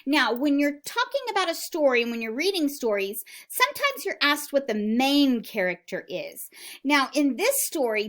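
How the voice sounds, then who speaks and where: A woman's voice: fairly high pitch, fairly bright tone. A woman teacher in a recorded video lesson for young children, speaking in a sing-song, questioning way and calling herself by her own name.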